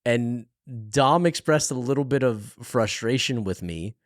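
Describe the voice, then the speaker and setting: Slow, laid-back male podcast co-host. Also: mid-range voice, lively intonation, dry recording, clean studio sound. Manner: laid-back, full of fillers and restarts, quick to laugh. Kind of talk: casual book discussion chat.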